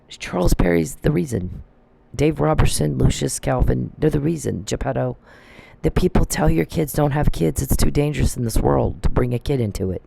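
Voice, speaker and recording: Gravelly-voiced man on a profane rant. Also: medium pitch, dark tone. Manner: profane, confrontational, addresses people directly; repeats and restarts phrases. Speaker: vlogger. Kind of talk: angry ranting monologue.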